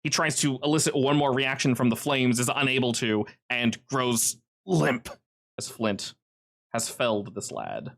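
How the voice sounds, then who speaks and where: Man running a tabletop game, excitable. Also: moderate pace. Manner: lively narration with animated pitch jumps. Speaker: game master.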